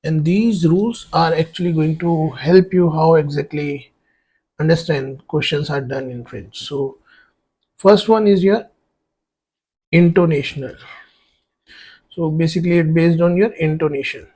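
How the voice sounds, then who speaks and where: Male tutor, high for a man, very unhurried, explaining grammar slowly as he writes on a board. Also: dark tone, breathy edge. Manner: explains step by step while writing on a board; spells words out letter by letter. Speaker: French tutor. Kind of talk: exam-prep grammar lesson.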